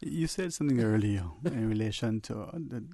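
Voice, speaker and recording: A man hosting a call-in radio talk show from the Cayman Islands, speaking in a measured, reflective way and choosing his words carefully. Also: fairly low pitch, lively intonation, mellow, no echo, clean studio sound. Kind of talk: casual radio chat.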